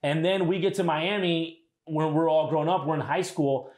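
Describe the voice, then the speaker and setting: A man in his thirties, co-hosting a casual chat at home and telling lively stories that act out other people. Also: fairly high pitch, moderate pace. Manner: animated storyteller, acts out quotes. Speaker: co-host, son of the host. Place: home room. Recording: roomy echo.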